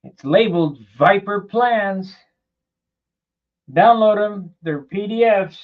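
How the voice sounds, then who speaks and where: A man with a slightly high voice rambles through a casual workshop vlog, plainspoken and full of loose asides. The recording sounds dull and lo-fi, with the top end rolled off. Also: takes it slowly. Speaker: model airplane builder and channel host.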